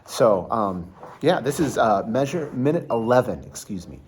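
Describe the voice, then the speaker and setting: A man's voice: medium pitch, very animated, normal speed, slight background noise. A man giving a casual violin lesson, chatty and full of fillers, counting beats aloud and singing rhythms. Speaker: violin teacher.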